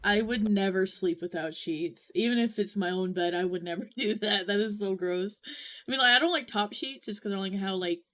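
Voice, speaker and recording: A woman's voice: mid-range voice, fairly quick, fairly bright tone. Chatty young woman reacting. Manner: chatty, swears a lot, heavy use of "like". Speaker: VTuber reaction streamer. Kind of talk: casual reaction commentary.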